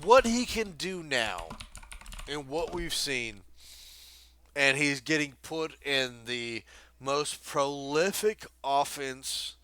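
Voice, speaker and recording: Man, unhurried delivery, bright tone, rambling and excitable, casual sports podcast. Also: mid-range voice, clean tone, no echo. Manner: excitable, rambling with many fillers. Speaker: podcast co-host.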